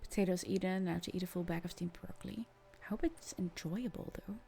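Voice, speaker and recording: A young woman streamer giving casual gameplay commentary, often in quiet, half-whispered asides. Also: lowish voice, brisk, creaky, faint music behind.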